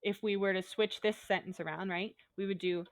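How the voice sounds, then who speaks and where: A woman's voice: medium pitch, steady tone, fairly quick, dry recording. A woman teacher giving a recorded online lesson, upbeat and a little goofy, talking students through examples step by step.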